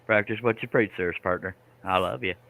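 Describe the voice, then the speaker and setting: A man's voice: on the low side, fairly quick, creaky, phone-quality sound, slight background noise. A man hosting a live stream, chatting casually, teasing his co-host and laughing often. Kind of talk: casual chat while reading comments.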